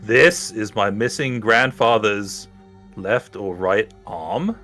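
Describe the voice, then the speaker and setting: A man voices an earnest middle-aged pub owner who speaks slowly and brightly. His pitch swings widely as he tells his story. Soft music hums under him. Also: animated, exaggerated voice.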